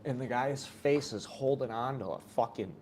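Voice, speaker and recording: A man's voice: mid-range voice, normal speed, a little mellow, slight background noise. A man co-hosting a casual sports stream, telling a long rambling story full of swearing and acted-out quotes. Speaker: podcast co-host watching a game.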